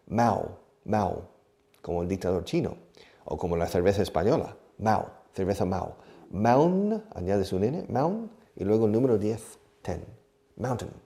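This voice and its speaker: Male English teacher, low-ish mellow voice, animated, digressive classroom patter with Spanish asides. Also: gravelly. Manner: chatty, digressive, asks and answers his own questions. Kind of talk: filmed English lesson for Spanish speakers. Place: filming studio with a camera operator.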